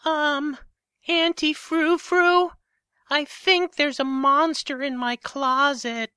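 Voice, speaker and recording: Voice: high-pitched, fairly even intonation, takes it slowly, pushed and bright, no echo, studio quality, full character voice. A performer voicing a timid kid who hesitates and stammers. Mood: scared.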